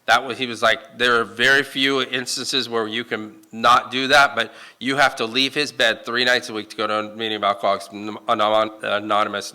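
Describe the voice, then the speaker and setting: A middle-aged man telling his personal recovery story to a meeting room, halting and full of restarts, breaking into self-mocking laughs. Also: medium pitch, pushed and bright.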